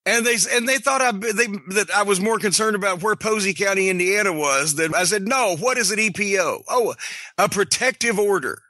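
A middle-aged man hosting a podcast, telling a story in an animated, profane, sarcastic way. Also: high voice, normal speed, no echo. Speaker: podcast host.

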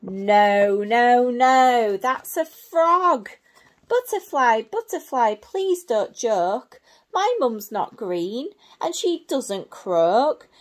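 A small young monkey from a picture book, searching for its mum and insisting again and again that each creature is the wrong one, as a woman reads the part. The voice is loud and lively, rising and falling widely. It is slow and deliberate. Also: a little high, exaggerated voice. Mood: insistent. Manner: insistent, exasperated repeated denials.

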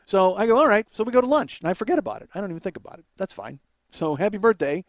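Animated, high-voiced comedian spinning a story. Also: male voice, racing, dry recording, dull audio. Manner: animated, swears freely, flustered retelling. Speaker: comedian host. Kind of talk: comic storytelling monologue.

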